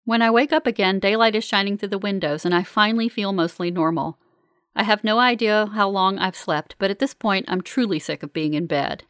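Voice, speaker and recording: A woman reads a first-person novel aloud with a wry, measured delivery at a middle pitch. The voice is dry and close, with no room around it. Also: fairly bright tone, clear, resonant tone, no echo. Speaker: audiobook narrator. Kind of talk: first-person scripted narration.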